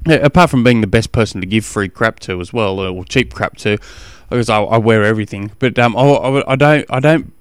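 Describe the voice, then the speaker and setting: A man's voice: fairly low pitch, a little fast, clean tone, dry recording, studio quality. A middle-aged Australian man hosting a podcast as a triathlon coach, talking in a chatty, rambling, self-mocking way with many restarts. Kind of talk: casual podcast monologue.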